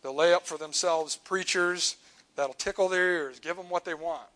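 Male preacher mid-sermon; bright, fairly high voice, earnest delivery that trails off soft at line ends. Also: moderate pace, poor audio. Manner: earnest, builds up then drops to a quiet close on key lines. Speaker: church preacher.

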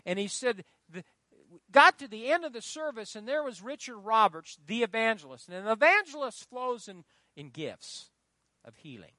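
A middle-aged pastor delivers a sermon in church, his voice very high for a man and swinging widely as he preaches with animation. The bright, forceful tone is recorded close and dry with no room sound. He hammers his points emphatically and pauses so the congregation can call out the next word.

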